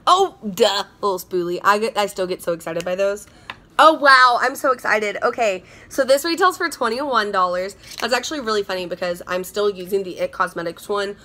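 A woman's voice: medium pitch, lively intonation, fairly quick, bright, forceful tone. A young woman chatting casually while unboxing beauty products at home, bubbly and gushing, often repeating herself. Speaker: beauty vlogger. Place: indoors at home.

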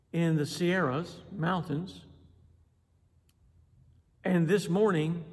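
High-ish husky guy preaching, slow and dramatic, acts out little voices. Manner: animated preaching with dramatic voices and emphatic pauses. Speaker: pastor. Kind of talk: sermon. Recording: long hall reverb.

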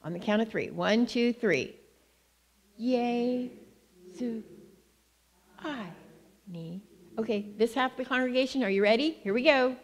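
A woman's voice: a little high, brisk, few pauses, in a large hall. A woman missionary giving a playful children's-moment lesson to a church congregation, coaxing them to repeat after her. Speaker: guest missionary speaker. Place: church sanctuary.

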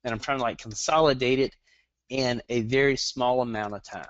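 A middle-aged man with a Southern US accent giving a webinar lesson, talking fast and rambling with jokes. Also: mid-range voice, steady tone, dry recording. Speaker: guest webinar trainer. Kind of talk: online marketing webinar. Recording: dull lo-fi dry webinar audio.

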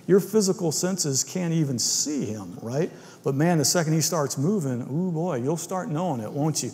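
A man's voice: a little high, lively intonation, moderate pace, warm tone, in a large hall. A man preaching a casual, conversational sermon in a church, often tagging his points with "right?". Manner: informal, keeps asking "right?". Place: church sanctuary.

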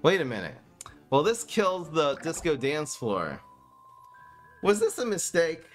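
A man streaming a card game live, commenting excitedly with frequent laughs and joking at his own mistakes while talking to his chat. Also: on the high side, unhurried, faint music behind. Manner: excitable, laughing, self-mocking, talks to chat.

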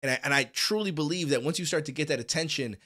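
A man's voice: fairly high pitch, fast talker, sharp tone. A man hosting a music reaction video, talking in a casual, rambling, enthusiastic way with a stuffy, nasal voice. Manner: rambling, enthusiastic, many restarts. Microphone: studio podcast microphone.

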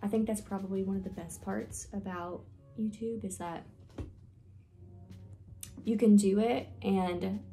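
Young woman, casual vlog, rambling, lots of fillers, gravelly, faint background music. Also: mid-range voice, steady tone, a little slow, long pauses, dark tone. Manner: rambling, filler-heavy, self-deprecating. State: nervous, with hiccups. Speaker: vlogger. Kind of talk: casual get-to-know-me vlog.

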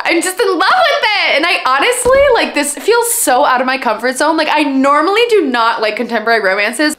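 A woman's voice: high-pitched, a bit bright. A young woman with a Minnesotan accent chatting casually about books, gushing and full of filler words. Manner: gushing, filler-heavy, rambling. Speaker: book vlogger. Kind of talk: casual chat.

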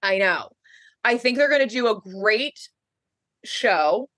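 A woman co-hosting a podcast, chatting in an animated way and laughing easily. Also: mid-range voice, slow. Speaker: podcast co-host. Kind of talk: casual recap chat.

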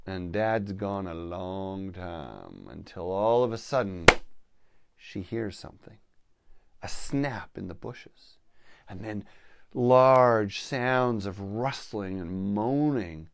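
A man telling a story to listeners with a spiritual theme, slow with playful asides. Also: fairly low pitch, expressive, creaky, smooth, no echo. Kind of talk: storytelling talk.

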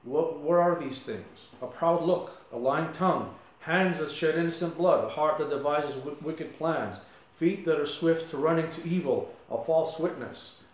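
A man's voice: fairly high pitch, unhurried. A male pastor giving a conversational sermon with asides and light humor. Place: church sanctuary. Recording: echoey church sanctuary.

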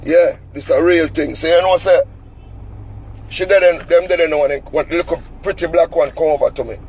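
A man's voice: a little high, normal speed, a little mellow, a little hiss or hum, low-quality recording. A Jamaican man telling a story as an angry, cussing rant in heavy patois, sitting in a car. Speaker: vlogger.

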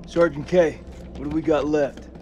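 An actor playing a blunt, profane military squad leader in a horror game. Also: male voice, fairly high pitch, steady tone, normal speed, dull audio, slight background noise, close to an everyday voice. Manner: gruff, profane and commanding. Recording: game dialogue over loud score.

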